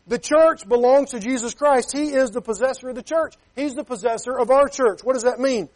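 A man's voice: extremely high pitch, fairly quick. A man preaching a sermon as a pastor. He talks emphatically, keeps checking with "Okay?", and reads scripture in King James wording.

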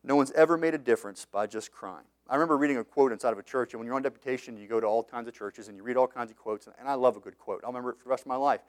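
A man preaching a sermon as a missionary pastor, reading scripture slowly and swinging between loud passionate lines and quiet ones. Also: mid-range voice. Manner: reads scripture in slow measured tones.

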